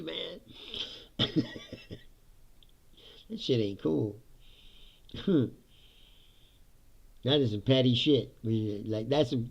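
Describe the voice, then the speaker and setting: A man's voice: mid-range voice, fairly bright tone. A man hosting a casual ranting monologue, profane and laughing often as he talks. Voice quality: gravelly. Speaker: podcast host. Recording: dull lo-fi sound.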